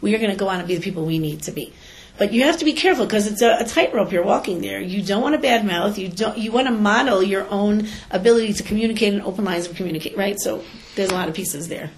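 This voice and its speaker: Animated woman teacher telling stories. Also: mid-range voice, fast. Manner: animated, tells stories and acts out quotes. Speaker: teacher and school educator giving a talk. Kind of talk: lecture to parents with stories.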